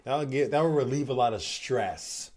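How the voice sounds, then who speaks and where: A young man co-hosting a podcast in relaxed conversation, easygoing and quick to laugh. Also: mid-range voice. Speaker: podcast co-host. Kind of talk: casual chat.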